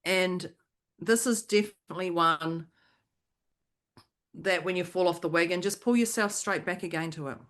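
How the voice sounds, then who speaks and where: A woman's voice: lowish voice, normal speed, pauses often, fairly bright tone. A woman co-hosting a podcast, talking in a playful, rambling way and laughing often. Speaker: podcast co-host. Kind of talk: casual chat.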